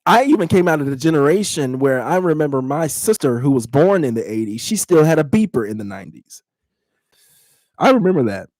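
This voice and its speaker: A man's voice: on the high side, big pitch swings, a little fast, a little mellow, dry recording, studio quality. A man in his thirties hosting a casual podcast, talking bluntly to his live chat, teasing and laughing often. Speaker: podcast host.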